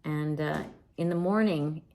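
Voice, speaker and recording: A woman's voice: low-pitched, unhurried, dark tone. A woman livestreaming at home, chatting casually in a rambling way with many restarts.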